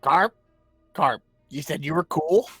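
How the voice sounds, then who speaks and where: A man's voice: a little high, slow, a bit bright, slightly rough, dry recording, soft background music. A man playing his character in a tabletop game, brash and swearing. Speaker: player.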